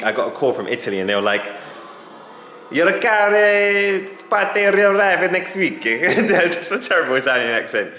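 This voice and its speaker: A man talking casually to camera in a vlog, gushing and excitable with quick laughs. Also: fairly low pitch, reverberant, slight background noise. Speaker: car vlogger.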